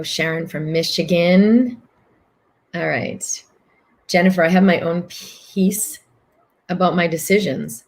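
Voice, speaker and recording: A woman host talking earnestly on a live stream, reading out viewer comments and answering them in long flowing phrases. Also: fairly low pitch.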